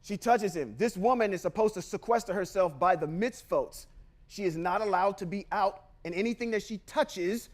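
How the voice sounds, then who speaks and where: A man's voice: high-pitched, moderate pace. A man hosting a podcast, reading scripture aloud and breaking into emphatic, confrontational commentary with slangy asides. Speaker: podcast host.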